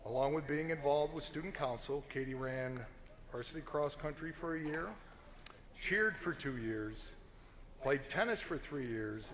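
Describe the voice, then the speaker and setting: A man's voice: medium pitch, fairly bright tone. Man giving a formal introduction. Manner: measured, reads from notes, corrects himself. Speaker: ceremony presenter introducing a speaker.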